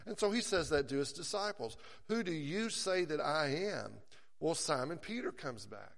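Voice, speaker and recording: A man preaching a sermon, earnest and emphatic, slowing down to stress scripture quotations. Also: a little high, animated, gravelly, big-room sound.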